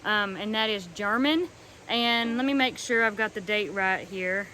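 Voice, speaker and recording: A young woman from North Carolina talking earnestly and warmly about a treasured fiddle, with soft pauses and frequent ums. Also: medium pitch, slight background noise, poor audio. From North Carolina, USA. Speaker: fiddler showing her instrument. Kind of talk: casual heartfelt talk to camera.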